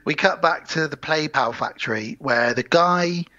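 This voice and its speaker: A man's voice: on the high side, unhurried, sharp tone, no echo. A man co-hosting a podcast, casually recapping a film with laughs and quoted voices. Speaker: podcast co-host. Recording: dull lo-fi podcast audio.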